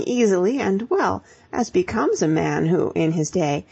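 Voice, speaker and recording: A woman narrating an audiobook with a measured, expressive reading. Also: fairly low pitch, creaky, breathy edge, highs cut off.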